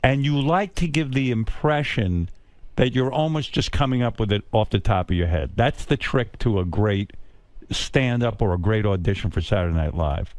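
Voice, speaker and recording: A man's voice: mid-range voice, darkish tone, no room sound. A man hosting a radio interview in a studio, talking bluntly and teasingly, often stumbling and restarting his sentences. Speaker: radio host. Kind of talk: casual interview.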